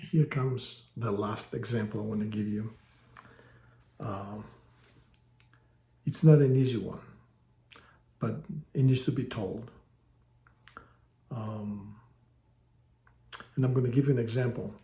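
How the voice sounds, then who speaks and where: A man teaches a casual online lesson at an unhurried pace, his voice gravelly and mellow. He explains with wry, joking asides, and the sound carries the echo of a room. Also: fairly low pitch. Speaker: language teacher. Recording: echoey room.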